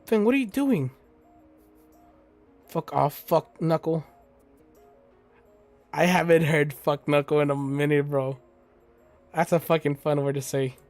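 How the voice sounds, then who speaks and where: A man's voice: on the high side, flat delivery, a little slow, long pauses. Crude, joking young man gamer. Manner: crude, joking asides between read lines. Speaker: let's play host. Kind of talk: let's play commentary and reading game text aloud. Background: faint game music.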